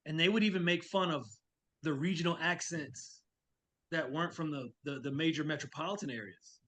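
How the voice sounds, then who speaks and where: A man's voice: fairly high pitch, brisk, a bit bright. A man from Louisiana, a guest in an interview, speaking frankly and telling stories from his own experience. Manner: frank, storytelling, acts out quoted remarks. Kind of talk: conversational interview.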